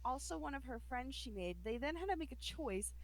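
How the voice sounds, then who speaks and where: A woman's voice: sits high, animated, brisk. Sarcastic swearing woman at a tabletop game. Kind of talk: in-character tabletop play.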